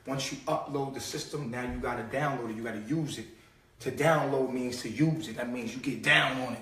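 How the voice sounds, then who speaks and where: A man hosting a casual live-stream monologue, streetwise and profane, mocking people and swinging between low mutters and loud outbursts. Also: steady tone, a little fast. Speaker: host. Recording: echoey room, far from the mic.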